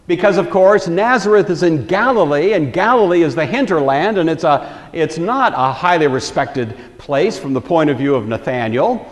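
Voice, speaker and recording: Lecturer, male, lively storyteller who slips into quoted voices; slightly high voice, reverberant hall. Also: moderate pace, hardly any pauses. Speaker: Bible lecturer. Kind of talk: recorded lecture.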